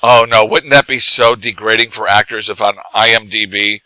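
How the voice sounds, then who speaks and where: A man's voice: lowish voice, normal speed, clear, resonant tone, no room sound, poor audio. Tipsy middle-aged man telling bar stories. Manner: animated, laughing, tipsy anecdotes. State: drunk. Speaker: guest, actor and comedy teacher. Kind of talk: casual bar chat, drunken storytelling.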